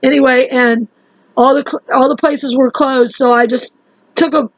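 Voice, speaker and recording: Woman vlogger, rambling and urgent, higher voice, dry lo-fi phone sound. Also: steady tone, normal speed, dry recording. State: sleep-deprived. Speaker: religious vlogger. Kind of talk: casual monologue to camera.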